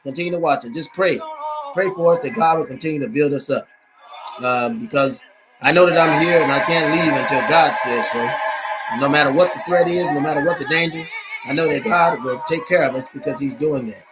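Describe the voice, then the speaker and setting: A male minister addressing his viewers in a livestream, speaking in halting, earnest appeals full of pauses, fillers and restarts. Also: on the high side, over loud music. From United States.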